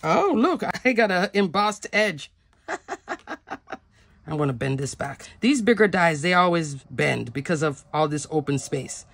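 A woman's voice: deep voice, lively intonation, a little slow, gravelly, no room sound. Chatty woman demonstrating crafts. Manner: chatty, talks through each step, laughs at herself. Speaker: craft tutorial host. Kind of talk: step-by-step crafting demo.

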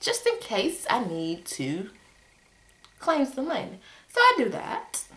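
A woman casually telling a story to her viewers in a vlog, retelling it with exasperated, animated energy. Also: slow pace, reverberant. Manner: animated, exasperated retelling with sudden pitch jumps.

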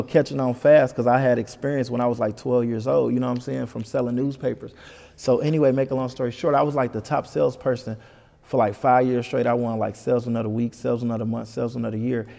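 Fast-talking gravelly man telling a story. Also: medium pitch, big-room sound. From Detroit. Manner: animated, puts on voices for people in his stories. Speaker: comedian guest. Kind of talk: storytelling in a casual interview.

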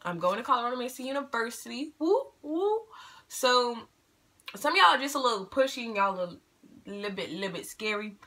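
At home, an eighteen-year-old woman hosts a Q&A vlog, chatting casually to viewers she calls y'all. Her fairly high, sharp voice swings widely in pitch and moves a little fast as she talks in a bubbly, playful way, teasing herself.

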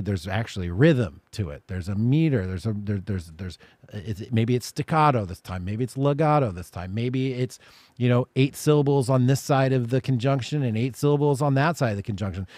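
A man's voice: medium pitch, a little mellow, dry recording. A man hosting an interview, talking at length in a reflective way. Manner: reflective, talks through ideas at length. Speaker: podcast host. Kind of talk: conversational interview.

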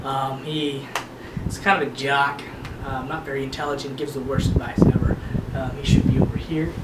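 Low-key young man setting up a sketch. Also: little pitch movement, normal speed, heavy background noise. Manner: hesitant, low-key setup talk with fillers. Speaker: comedian auditioning. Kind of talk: sketch-comedy audition. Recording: echoey room, far mic, guitar music.

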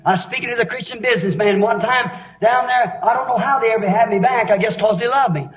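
High-voiced preacher, fiery. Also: male voice, fast talker. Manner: impassioned, storytelling, rising to shouts. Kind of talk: fiery revival sermon. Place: church meeting hall. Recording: echoey hall, dull lo-fi 1960s tape.

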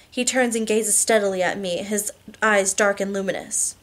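A woman reads a romance novel aloud in the first person, with a voice at an ordinary middle pitch. Her delivery is steady and even, the sound of a hobby audiobook reading. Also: moderate pace, few pauses. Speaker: audiobook reader.

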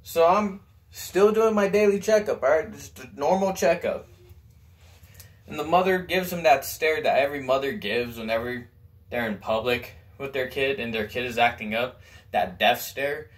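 A teenage man performing a comic monologue as a student actor, telling a story with sudden loud outbursts. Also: medium pitch, moderate pace. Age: teens.

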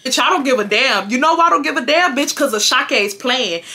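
A woman, telling a storytime to her viewers in an animated, laugh-filled way, swearing freely. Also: high voice, brisk, a little hiss or hum. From Houston, Texas. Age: 20s. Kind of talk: casual storytime.

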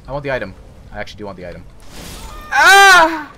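A young man giving crude, excitable commentary while playing a video game, swinging from mutters to yells. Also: mid-range voice, brisk. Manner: crude joking. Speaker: gaming YouTuber. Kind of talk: Let's Play commentary.

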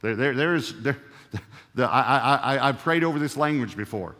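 A man preaching a sermon as pastor, emphatic, slowing right down to stress key words and repeating them. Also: mid-range voice, lively intonation, sharp tone. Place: church sanctuary. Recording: reverberant church hall.

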